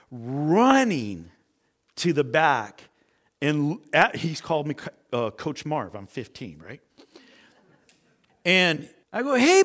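A middle-aged man preaching as a pastor, telling personal stories and acting out the voices of the people in them. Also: medium pitch. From California. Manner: animated storyteller, acts out quoted voices. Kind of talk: sermon storytelling.

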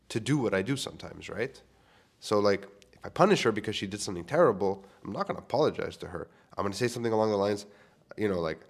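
Candid man rambling on his podcast. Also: on the low side. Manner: candid, self-questioning, swears casually. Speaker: podcast host. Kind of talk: rambling solo podcast monologue.

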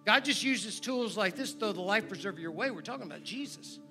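A man preaching a sermon in a church and leading an invitation, swinging between loud urgent appeals and hushed prayerful moments. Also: sits high, expressive, fast talker, faint music behind. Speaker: guest preacher, church member. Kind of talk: sermon with altar call. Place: church sanctuary.

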